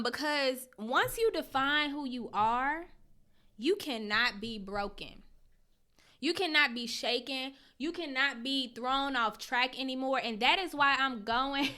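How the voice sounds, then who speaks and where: A high, sharp-toned young woman hosts an informal livestream, reading her viewers' comments out loud. Her replies are candid and full of slang and swearing, and she speaks directly to the audience, naming each person she greets.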